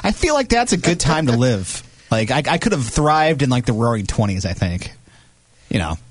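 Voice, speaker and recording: A man's voice: mid-range voice, very animated, moderate pace, a little hiss or hum. A man co-hosting a morning radio show, chatting cheerfully and joking at his own expense, laughing often. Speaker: radio co-host. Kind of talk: casual radio banter.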